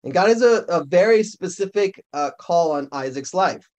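Male pastor, relaxed conversational sermon delivery, stops to fix his own slips, voice sits a bit high. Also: normal speed. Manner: conversational, restarts and self-corrections. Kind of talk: sermon with scripture reading.

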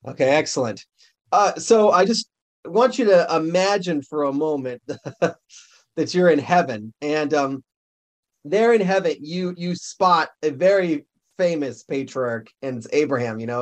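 Male pastor, relaxed conversational sermon delivery, stops to fix his own slips, voice sits a bit high. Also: unhurried. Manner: conversational, restarts and self-corrections. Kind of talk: sermon with scripture reading.

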